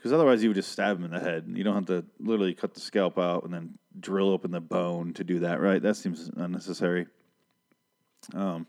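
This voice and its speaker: A man's voice: low voice, brisk, a little mellow. A man casually recapping a TV episode in a profane, sarcastic, rambling way.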